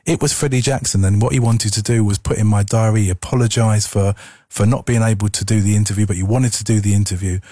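A man's voice: fairly low pitch, steady tone, fast talker, dark tone, no room sound, studio quality. A man presenting on the radio, telling a story in a casual, rambling way with frequent ums. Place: radio studio.

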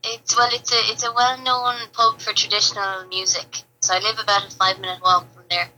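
A woman from County Clare, a traditional musician, chatting relaxed and a bit hesitant as a radio phone-in guest. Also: medium pitch, fairly quick, poor audio. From County Clare, Ireland. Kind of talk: casual radio phone chat.

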